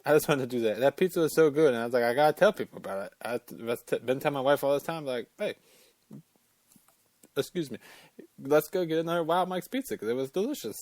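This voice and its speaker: A man's voice: mid-range voice, expressive, quick pace, darkish tone, no echo. A man hosting a casual sports talk show, ranting about college football rankings in an opinionated, fired-up way and cussing as he gets worked up.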